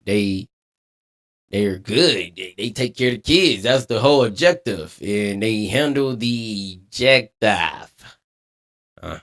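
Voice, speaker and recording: Man, streamer, animated preachy rant, laughing. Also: on the low side, takes it slowly. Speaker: streamer reacting to a clip. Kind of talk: casual reaction commentary.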